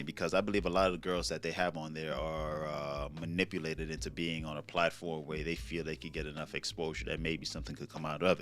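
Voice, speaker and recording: A man's voice: low voice, a bit bright. A young man with a New York accent hosting a solo commentary show, laid-back and slangy, stretching out words for emphasis. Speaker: commentary channel host.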